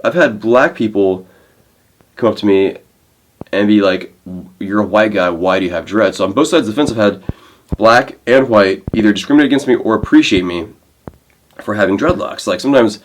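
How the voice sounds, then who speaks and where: A man's voice: fairly low pitch, moderate pace, pauses often, a little hiss or hum. A young man chatting casually to camera in his vlog, rambling and telling stories with lots of fillers and restarts. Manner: rambling, animated storytelling with many fillers and restarts. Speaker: vlogger.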